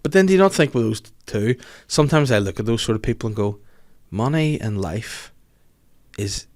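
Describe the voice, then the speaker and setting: A man's voice: mid-range voice, sing-song, quick pace, darkish tone. A man guesting on a podcast, chatting casually and telling stories with frequent laughter. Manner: chatty storyteller, laughs often. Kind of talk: casual chat.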